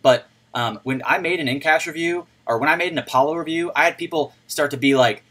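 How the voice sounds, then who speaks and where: Excitable man who laughs and yells. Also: fairly high pitch, a little fast. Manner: excitable, laughs often, bursts into yelling. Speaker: crypto livestream host. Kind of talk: casual livestream chat. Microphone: microphone turned up.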